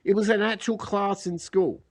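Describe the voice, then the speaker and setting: A middle-aged man with an Australian accent, chatting casually as a podcast guest and telling animated stories that act out quoted dialogue. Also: sits high, normal speed, no echo, clean studio sound. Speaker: podcast guest, recording engineer. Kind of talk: casual chat.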